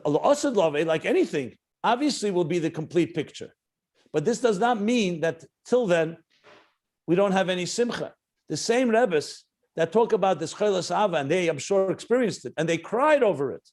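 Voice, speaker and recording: A rabbi giving a spoken Torah class, his voice a little higher than most men's. He talks earnestly, weaves stories into the teaching, and often restarts his sentences as he thinks aloud. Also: darkish tone. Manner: earnest, storytelling, frequent restarts.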